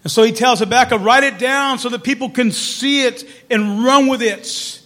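A man preaching as pastor, telling his story quietly, then building to loud, fervent calls. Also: extremely high pitch, normal speed. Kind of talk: sermon.

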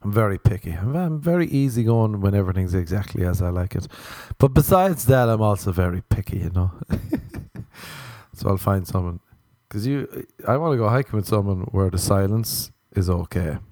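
A man's voice: on the low side, expressive, moderate pace, warm tone, no echo, clean studio sound. A young man hosting a solo podcast, rambling through stories in a self-mocking way and swearing casually. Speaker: podcast host. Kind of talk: rambling comedic monologue.

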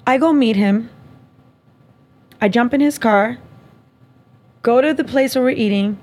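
A woman with a slightly high voice tells a dating story on a podcast, animated and profane. She acts out every line of the conversation in casual chat. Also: a little slow. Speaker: podcast host.

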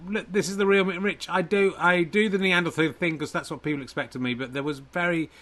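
A man playing a Neanderthal character, talking slow and deadpan about losing. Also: fairly high pitch, voice pushed up, natural voice. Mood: glum. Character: Neanderthal version of host, male, gloomy, self-mocking.

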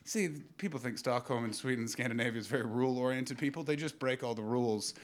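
A man in his thirties from Canada, hosting a live improvised comedy podcast and doing crowd work in a small room, riffing brashly with lots of swearing. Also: medium pitch. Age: 30s. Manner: brash, profane, rapid riffing that bursts into shouting.

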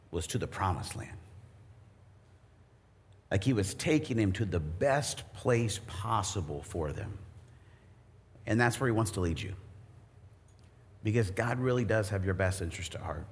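Deep-voiced male pastor in reverberant hall. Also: animated, a little slow, long pauses. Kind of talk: sermon.

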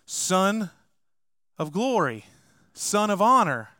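Man, pastor, sermon, emphatic, direct address, higher voice. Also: very animated, slow pace, pushed and bright, no echo.

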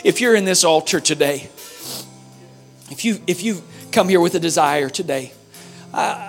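A man preaching an altar call, speaking with impassioned repetition that swings from hushed prayer to loud pleading. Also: a little high, expressive, normal speed, long pauses, soft background music. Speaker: pastor.

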